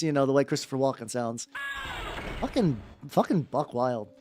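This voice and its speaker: Excitable, foul-mouthed woman game streamer. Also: extremely low pitch, moderate pace, slight background noise. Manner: excitable, swears freely, rambling asides. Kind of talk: live gameplay commentary.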